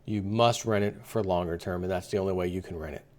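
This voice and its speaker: A man's voice: low-pitched, fairly even intonation, quick pace, darkish tone. A man hosting an opinion commentary vlog, talking in an indignant, rambling rant. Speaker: vlogger host.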